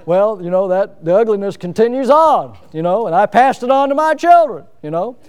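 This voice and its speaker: A middle-aged man preaching a sermon in a folksy, plain-spoken way, with self-mocking humor and lively emphasis. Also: high-pitched, normal speed, smooth.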